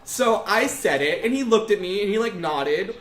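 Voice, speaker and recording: Young male host, high-pitched, rambling storyteller, echoey room with music. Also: expressive, normal speed, a bit bright. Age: young adult. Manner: rambling storyteller, full of fillers. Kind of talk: casual gaming chat.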